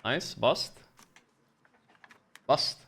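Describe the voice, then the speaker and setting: A male streamer giving live gambling commentary, excitable and profane, swinging between low grumbles and sudden outbursts. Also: very slow.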